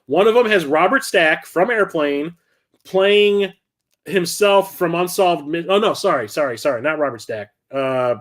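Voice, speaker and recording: A middle-aged man chats casually about his film collection in a somewhat high voice. He rambles enthusiastically, trailing off into fillers and restarts. His pace stays loose and conversational. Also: expressive, unhurried, fairly bright tone. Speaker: host.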